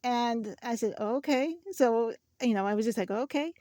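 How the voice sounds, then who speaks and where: A woman with a fairly high, steady, warm voice speaks at a moderate pace on her craft channel. She chats casually through a shopping haul, telling stories with many restarts. The sound is dry, clean studio audio.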